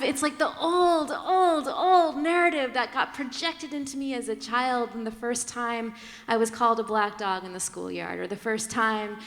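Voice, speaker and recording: A woman speaking candidly on a conference panel, animated and quick to laugh, slipping into different voices as she tells her story. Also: on the high side. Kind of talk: candid personal talk on a panel. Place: large conference hall. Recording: long reverb of a large hall.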